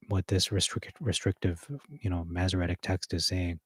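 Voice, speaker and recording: A man with a deep, low voice rehearses a sermon, reading verses aloud between hesitant fillers and self-corrections. The sound is dry and close, with no room echo. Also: steady tone, normal speed, few pauses, darkish tone, husky. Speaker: preacher.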